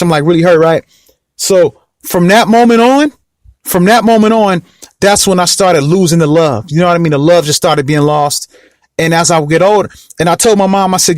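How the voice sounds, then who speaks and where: High-voiced man telling a rambling story. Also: a little fast, no room sound, clean studio sound. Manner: rambling, repeats himself, keeps asking "you know what I mean". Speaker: vlog host. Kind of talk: casual personal storytelling.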